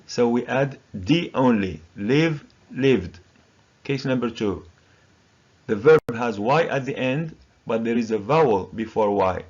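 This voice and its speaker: A man teaching English grammar with a Moroccan accent, a native Moroccan Arabic speaker who drills each word slowly and deliberately. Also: mid-range voice, expressive, a little mellow, husky, highs cut off. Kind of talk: recorded grammar lesson.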